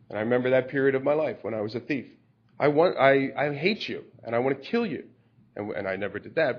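A man's voice: mid-range voice, husky. Conversational male preacher, lo-fi recording. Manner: conversational, explains scripture with everyday stories. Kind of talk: sermon. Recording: dull lo-fi recording.

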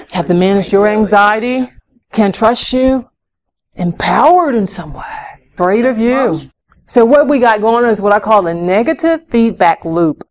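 A middle-aged woman giving a parenting workshop, asking her audience questions and acting out scenes between parents and children. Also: medium pitch.

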